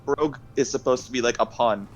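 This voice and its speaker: A man's voice: medium pitch, fairly quick, lo-fi sound. A man co-hosting a livestream, chatting casually in a rambling, joking way with swearing. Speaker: co-streamer. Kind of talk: casual chat.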